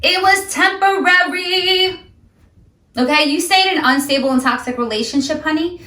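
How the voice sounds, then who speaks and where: A sobriety vlogger talks straight to the camera in an emphatic, ranting motivational talk, calling viewers "guys" and "honey." Her very high voice is sharp and at normal speed, recorded off-mic from a distance in an echoey room.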